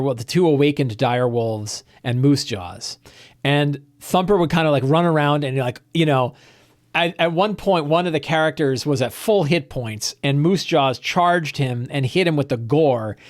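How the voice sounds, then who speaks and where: A man, the host and game master, casually retelling a tabletop session with laughter and frequent restarts. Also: on the high side. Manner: rambling, laughing, many fillers and restarts.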